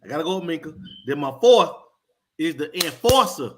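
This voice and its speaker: A man's voice: fairly high pitch, sing-song, a little fast, noisy background. A man co-hosting a sports talk show, emphatic and hyped, repeating names for emphasis. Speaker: podcast co-host.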